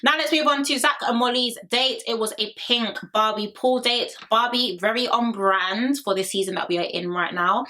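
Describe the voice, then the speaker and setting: A woman's voice: a little high, moderate pace, few pauses, sharp tone. A young woman giving a sassy, opinionated recap in casual chat and talking straight to her viewers. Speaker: reality TV recap vlogger. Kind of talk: casual chatty commentary.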